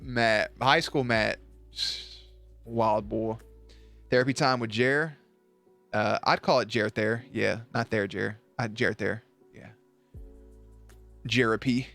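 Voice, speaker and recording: A man streaming at night, chatting casually with his viewers, swearing, joking and now and then breaking into loud high yelps. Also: a little slow, faint music behind. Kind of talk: casual chat reading out viewer messages.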